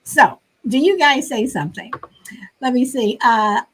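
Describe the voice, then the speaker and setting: Woman, fairly high voice, live-stream host, casual chat, lots of fillers, reads viewer comments. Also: lively intonation, measured pace, husky, low-quality recording.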